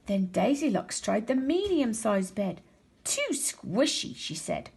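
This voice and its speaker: A woman teacher reading a children's storybook aloud, expressive and slowing down for emphasis. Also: mid-range voice, vocal fry, husky.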